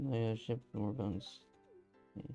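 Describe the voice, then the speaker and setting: A man giving casual gameplay commentary on a stream, low-key and subdued, muttering playful sing-song asides. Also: fairly even intonation, slow, dark tone, faint music behind.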